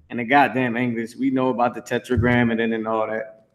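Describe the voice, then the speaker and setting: A man's voice: medium pitch, level tone, a little fast, soft background music. A man reading scripture aloud and commenting on it in a brash, profane, mocking way, teaching an online class. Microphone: streamed voice chat.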